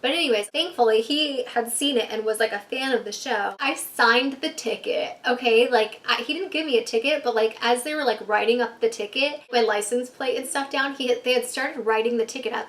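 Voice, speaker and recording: A woman's voice: on the high side, a little fast, hardly any pauses, fairly bright tone. Chatty, giggly woman vlogger. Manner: chatty, laughs often, lots of "like". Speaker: YouTube storyteller. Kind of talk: casual storytime vlog.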